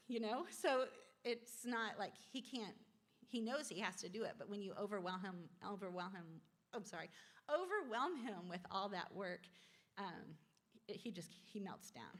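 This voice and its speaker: A woman's voice: mid-range voice, big pitch swings, normal speed, a bit bright. A woman presenting a parenting class from slides, chatty and encouraging, quizzing the audience.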